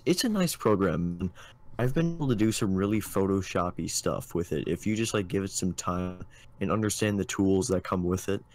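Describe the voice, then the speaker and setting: A man from Minnesota chatting casually on a livestream voice call, playful and quick to laugh. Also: low voice. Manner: playful, laughs often, puts on an exaggerated local accent. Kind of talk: casual chat on a stream.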